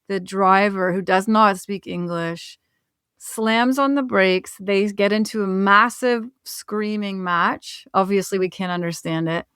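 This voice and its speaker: A woman's voice: medium pitch, clear, resonant tone, no echo, clean studio sound. A woman, a travel author and podcast guest, telling a travel story in a conversational way, laughing now and then. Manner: animated, laughs while telling stories.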